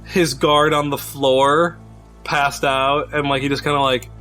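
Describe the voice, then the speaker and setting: A man running a tabletop role-playing game as game master, chatty and quick with frequent laughter. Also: mid-range voice, flat delivery, bright, forceful tone, faint music behind.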